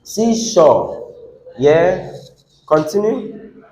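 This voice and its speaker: A man lectures a classroom at an unhurried pace. His voice sits a little higher than most men's, and he keeps repeating key words and quizzing the students with questions. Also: sing-song, warm tone, slight background noise, low-quality recording. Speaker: teacher.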